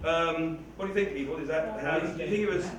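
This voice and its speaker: Over a loud crowd, a man with a slightly high voice talks fast in a casual back-and-forth with a hall audience, likely a writer or reader. He rambles and jokes at his own expense, laughing a lot, and the recording is far-off, echoey, and noisy.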